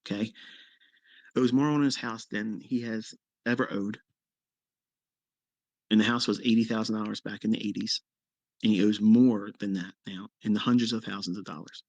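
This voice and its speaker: Man, fifties, mentor telling a story: blunt, swears freely, punches lines with sharp pitch jumps; dry, close sound. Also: fairly even intonation, normal speed, pauses often, no room sound. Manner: blunt and profane, with sudden emphatic jumps in pitch. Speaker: trading mentor. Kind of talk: casual storytelling on a live audio chat.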